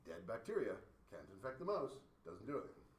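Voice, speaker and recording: A man from Canada teaching a high school science class, explaining with playful, joking analogies. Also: very animated, a little fast. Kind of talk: classroom lecture. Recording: echoey classroom from far off.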